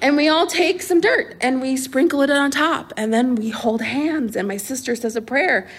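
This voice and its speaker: A young adult woman telling a comic personal story on stage at a live storytelling event, animated and laughing as she talks. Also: high-pitched, normal speed. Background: audience laughter.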